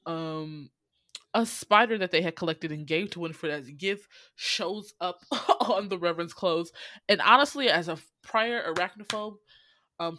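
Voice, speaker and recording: A woman hosting a podcast, recapping a movie in a casual, profane and animated way, laughing often. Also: lowish voice, no echo, clean studio sound. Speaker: podcast host.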